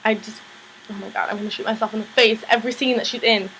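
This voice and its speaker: A fairly high-voiced young woman chats her way through a TV recap, peppering every sentence with "like" and slipping into the characters' lines. Her talk is loose and unscripted, as if she were telling a friend. A faint hiss sits under the voice. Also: steady tone, fast, a bit bright, rough recording. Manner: chatty, lots of "like", acts out characters' lines in higher voices. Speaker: vlogger recapping a TV show. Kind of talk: casual recap chat.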